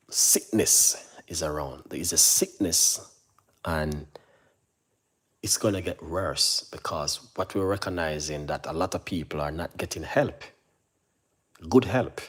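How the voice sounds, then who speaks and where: A man speaks casually to his audience. He is earnest and repetitive, circling back with "you know what I mean" as he encourages them. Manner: mimics receptionists in a higher voice. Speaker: channel host. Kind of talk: casual motivational talk to camera.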